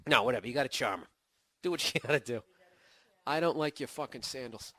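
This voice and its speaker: A man's voice: medium pitch, brisk, bright, forceful tone, dry recording. A middle-aged man with a Boston accent hosting a podcast, ranting in a profane, sarcastic comedic monologue. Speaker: podcast host.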